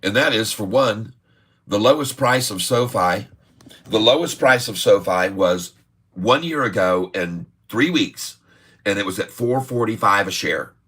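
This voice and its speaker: A man's voice: on the low side, a little slow, a bit bright, breathy edge. A middle-aged man hosting a day-trading livestream, talking in a chatty, jokey way, often laughing and repeating himself. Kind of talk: casual livestream chat.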